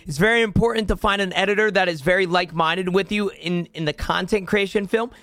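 A young man hosts a laid-back talk with a guest, his voice a touch high for a man. He is recorded dry and close, and he agrees readily and wanders into long tangents. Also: fairly quick, a bit bright, no echo. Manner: upbeat, agreeable, rambling. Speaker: podcast host. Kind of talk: casual chat.

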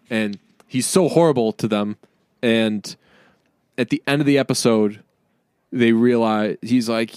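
A man's voice: on the low side, a little mellow, clean tone, no echo, clean studio sound. Rambling jokey man on a podcast. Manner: rambling, jokey, quick to mimic people. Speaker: podcast co-host. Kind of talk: casual chat.

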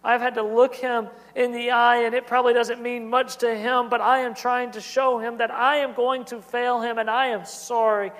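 Earnest high-voiced man preaching in reverb. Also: level tone, normal speed, few pauses, a bit bright. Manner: earnest, repetitive preaching cadence. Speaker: pastor. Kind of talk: sermon. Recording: long hall reverb.

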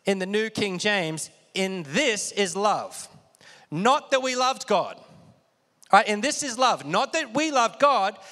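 With long hall reverb trailing behind him, a pastor delivers a high-energy sermon and calls on the congregation to repeat his words. His voice is high with a sharp tone.

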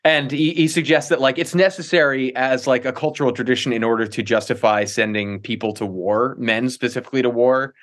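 A man's voice: medium pitch, steady tone, brisk, hardly any pauses, fairly bright tone. A young man co-hosting a casual film podcast, talking analytically with frequent restarts and hesitations. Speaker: podcast co-host.

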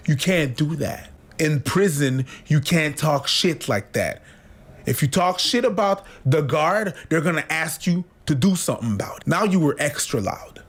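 A man's voice: on the high side, expressive, moderate pace, fairly bright tone. A man co-hosting a podcast, speaking in blunt, confrontational bursts of short, punchy lines. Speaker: podcast co-host. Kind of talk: heated podcast commentary.

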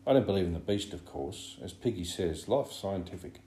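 A rambling boy who hedges every point, voiced by a man reading aloud. The voice stays low and dark, close to the reader's own. The room is roomy, with a faint hum. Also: animated, brisk. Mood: earnest. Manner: rambling, hedging speech. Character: rambling, earnest boy, unsure.

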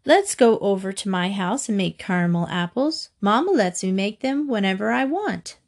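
A woman's voice: medium pitch, animated, normal speed. A woman voicing a sulky, spoiled young girl in a children's story. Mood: petulant. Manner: stamping, petulant shouting.

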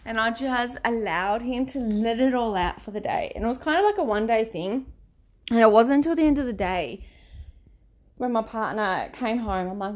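A woman talking candidly about her life as a mother, expressive and laughing now and then. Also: fairly high pitch, a little fast. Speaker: mother sharing parenting experience. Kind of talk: casual monologue, coaching tone.

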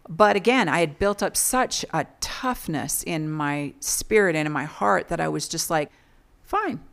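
A woman's voice: low-pitched, normal speed, gravelly, fairly bright tone. A woman as an interview guest, frankly and earnestly recounting her own past, often restarting her sentences. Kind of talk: candid personal storytelling.

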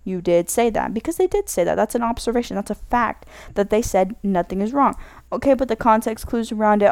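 A woman's voice: mid-range voice, lively intonation, fairly quick, a little mellow, no echo. A woman giving casual spoken advice in a rambling way, correcting herself often and filling her talk with "like". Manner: rambling, self-correcting, many "like" fillers.

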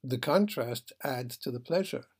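A man with a husky voice reading a fable aloud and then commenting on it in a measured, reflective way. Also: mid-range voice, expressive, a little mellow. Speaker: literature lecturer.

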